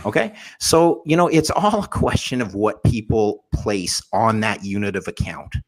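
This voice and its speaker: A low, husky man talks in a lively panel chat. His pitch swings widely as he tells jokey stories and acts out little scenes. The voice has a slightly rough edge. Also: normal speed. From Canada. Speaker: podcast guest. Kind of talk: animated storytelling in a panel discussion.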